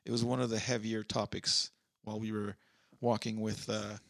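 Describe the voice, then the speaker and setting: Gravelly, bright-toned male podcast co-host. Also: fairly low pitch, level tone, normal speed, no room sound, studio quality. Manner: rambling, stumbling restarts. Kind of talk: casual chat.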